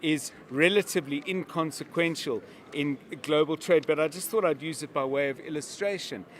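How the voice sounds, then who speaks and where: A male media analyst talks through the news on a live broadcast, steady and explanatory, backing his points with examples. His voice sits a little on the high side for a man. Faint outdoor city noise with passing vehicles runs underneath. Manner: measured, explanatory, uses examples.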